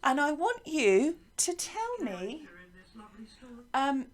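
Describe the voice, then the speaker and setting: A woman with a fairly high voice teaches a music lesson to young children. She talks slowly and patiently. Her voice rises and falls a great deal as she asks questions. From England. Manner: slow, lively, sing-song questions to children. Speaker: primary school music teacher.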